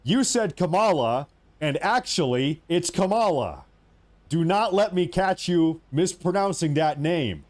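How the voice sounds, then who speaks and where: A man voicing an indignant, self-righteous scold who shouts reprimands in mock outrage. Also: fairly high pitch, lively intonation, a little slow, voice pushed up.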